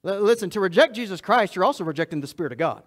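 Man, pastor, sermon, high voice, repeats key phrases, talks to the congregation. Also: expressive, very fast. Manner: emphatic, repeats key phrases, swings from loud to hushed; laughs at himself, talks to the congregation directly. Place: church.

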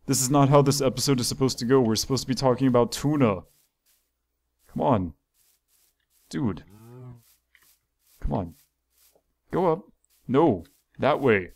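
A man's voice: mid-range voice, a little slow, pauses often, darkish tone. A man hosting a casual let's-play, talking in an exasperated, scolding way while rambling about his game. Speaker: gaming channel host.

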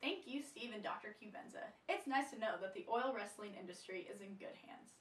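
A woman's voice: mid-range voice, fairly quick, natural voice. A young woman playing an upbeat female news anchor with a mock-serious newsreader delivery in a comedy skit. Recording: roomy echo from a distance.

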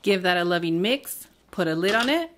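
A woman's voice: on the low side, animated, normal speed, background noise. A woman hosting a cooking channel, giving upbeat, chatty step-by-step recipe narration.

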